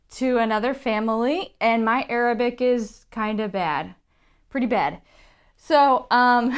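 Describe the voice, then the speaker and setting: A young woman teaching English pronunciation, telling stories in an animated way and laughing often. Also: fairly high pitch, clean tone. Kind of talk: casual teaching to camera.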